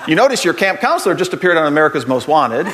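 A man giving a humorous Catholic talk to a group, an animated storyteller who uses jokey asides and builds to earnest points. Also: fairly high pitch, quick pace, a crowd in the background, background noise.

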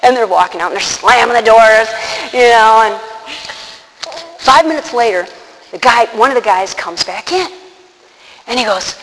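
A woman telling a personal story to an audience, animated, acting out the quotes and laughing often. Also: fairly high pitch, unhurried, pauses often. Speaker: religious speaker. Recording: long hall reverb, faint noise.

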